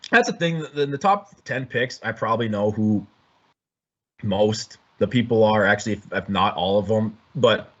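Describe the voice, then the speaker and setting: A man's voice: on the low side, a bit bright. Rambling man hosting a sports podcast. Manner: rambling, many restarts and throat clearing. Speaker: podcast host. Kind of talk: casual sports chat. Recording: dull lo-fi audio.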